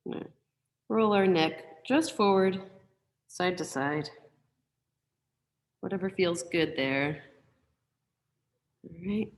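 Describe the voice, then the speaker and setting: A woman teaching a singing class over a video call, giving gentle, encouraging warm-up instructions from her piano. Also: on the low side, slow, pauses often, long reverb tail. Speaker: choir teacher. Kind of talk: online group singing lesson. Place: room with a piano.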